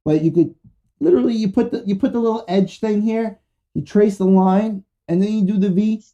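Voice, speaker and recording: A man's voice: high-pitched, brisk, warm tone, dull audio. A man hosting a podcast, rambling casually and profanely through a joking sponsor read. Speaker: podcast host.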